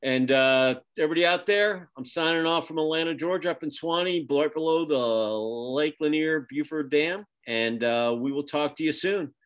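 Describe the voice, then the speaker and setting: Speaking at normal speed with few pauses, a man with a high-leaning, slightly bright and smooth voice ends a casual interview. He's a middle-aged podcast host and magazine publisher on a video call from his home office, rambling through fillers and restarts.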